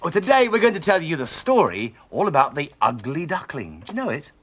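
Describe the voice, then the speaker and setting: A man presenting a children's TV show, cheerful and gently coaxing. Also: on the high side, very animated, a little fast.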